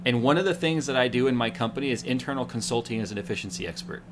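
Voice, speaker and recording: Animated man telling stories on a tech show. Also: medium pitch, very fast, noisy background. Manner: animated storyteller acting out quotes. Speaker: host. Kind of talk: casual chat.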